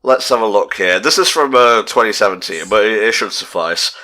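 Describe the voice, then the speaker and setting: Bright-voiced young man, rambling commentary. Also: fairly low pitch, brisk. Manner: rambling, lots of fillers, reads out a list. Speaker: commentary co-host. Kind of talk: casual movie commentary chat.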